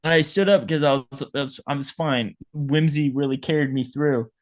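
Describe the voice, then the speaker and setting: In an improvised comedy bit, a man plays a dead hot dog vendor who feels sorry for himself and rambles melodramatically. His natural voice sits on the high side, and he speaks at a moderate pace.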